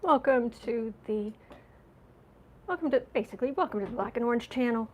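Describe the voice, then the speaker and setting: Female host, American, rambling live-stream chat, slightly high voice, congested, frequent throat clearing. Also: expressive, brisk, low-quality recording. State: runny nose and watery eyes after a coughing fit. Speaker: astrology and tarot channel host.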